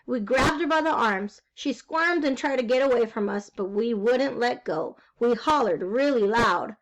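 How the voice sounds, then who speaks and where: High-voiced woman reading a storybook. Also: unhurried, hardly any pauses, low-quality recording. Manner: lively first-person telling, wry. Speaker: reader. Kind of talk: storybook read-aloud.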